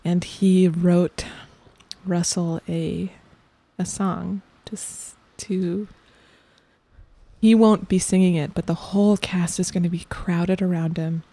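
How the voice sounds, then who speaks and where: A woman playing the weary guardian of a child performer, talking haltingly with many ums and sometimes dropping to a whisper. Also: lowish voice, fairly even intonation, warm tone, dry recording. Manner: halting and hesitant, full of ums, drops to a whisper. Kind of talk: improvised comedy interview character.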